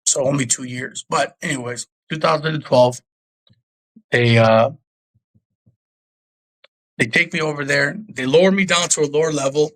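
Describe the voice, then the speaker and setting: Young man from Albania, guest storyteller, gravelly bright voice, animated, acts out quotes. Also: fairly high pitch, moderate pace, long pauses, low-quality recording. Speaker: interview guest. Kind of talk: storytelling in a casual interview.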